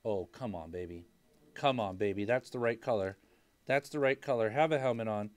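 A young man hosting a casual live-stream card break, hyping each card with loud call-outs of player names. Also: on the low side, moderate pace.

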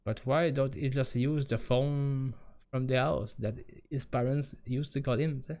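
A man's voice: mid-range voice, fairly even intonation, unhurried, darkish tone. A man with a Quebec French accent, streaming a horror game and reading its text aloud with musing asides. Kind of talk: live game commentary.

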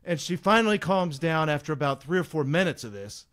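A man co-hosting a podcast, telling a casual, animated story with laughs. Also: fairly high pitch, fairly quick. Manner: animated, laughing anecdote teller. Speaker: podcast co-host.

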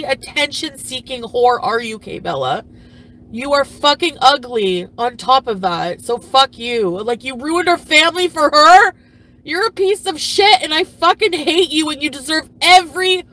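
A woman voicing a jilted, furious female streamer who is crude and self-pitying, for a puppet comedy. She swears constantly and swings between yelling and mumbling. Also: high voice, vocal fry, full character voice. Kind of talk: comedic impression of a livestream rant.

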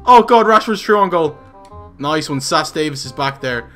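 A young man giving excited, jokey commentary over his own football video game, swinging between shouts and mutters. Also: fairly high pitch, normal speed, soft background music. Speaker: gaming YouTuber.

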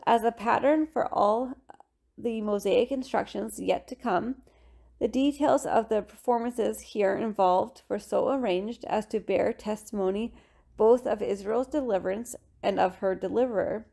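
Woman reading scripture study, gravelly and dark. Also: mid-range voice. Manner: steady measured reading.

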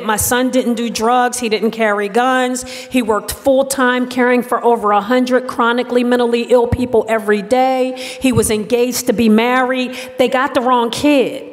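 A middle-aged woman giving a personal testimony speech at a banquet, telling her story slowly and deliberately with dramatic pauses into a podium microphone. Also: fairly high pitch. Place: large hotel banquet hall. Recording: long hall reverb.

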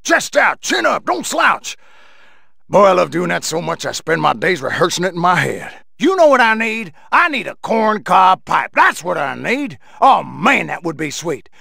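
A gravelly, barking army general. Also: male voice, high-pitched, sharp tone, no echo, studio quality, exaggerated voice. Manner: barking, blustery. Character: gung-ho male general, paranoid about communists.

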